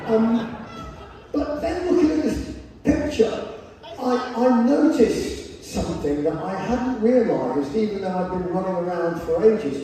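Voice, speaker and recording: A man performing wry, self-mocking comic stories on a theater stage, recorded from the front row. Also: sits high. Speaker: spoken word performer. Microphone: camera in the front row of the audience. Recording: distant echoey theater hall, crowd noise.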